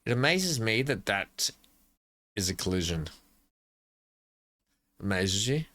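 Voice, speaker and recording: A man's voice: on the low side, expressive, slow, bright, forceful tone, no room sound. An Australian man giving casual gameplay commentary as a channel host, rambling playfully and talking to himself as he builds.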